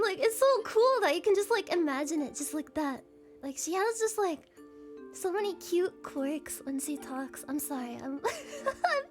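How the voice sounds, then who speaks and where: A woman streamer chatting casually to her live audience, giggling often, rambling and swearing freely. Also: sits high.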